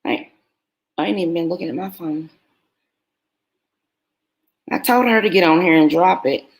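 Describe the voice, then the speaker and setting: Hosting her YouTube live stream, a middle-aged woman speaks at normal speed in a lowish voice. She talks casually with viewers, wandering through stories full of fillers.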